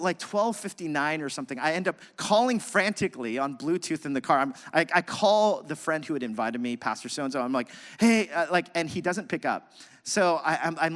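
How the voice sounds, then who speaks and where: A man, a pastor, preaching a sermon and telling a lively personal story, acting out his own outbursts and laughing at himself. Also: on the high side, long reverb tail.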